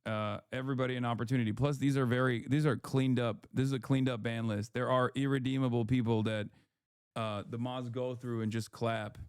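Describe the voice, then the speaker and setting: Male streamer, sardonic, reads chat in mocking voices, smooth and crisp, dry close mic. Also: mid-range voice, no room sound. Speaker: streamer reading ban appeals. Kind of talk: casual livestream chat.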